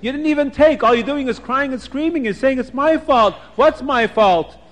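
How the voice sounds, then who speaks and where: A man's voice: very high voice, normal speed, voice pushed up. A generous rich father protests in earnest bewilderment, as a man puts him on. His raised voice rings with a long echo, as in a hall. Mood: bewildered.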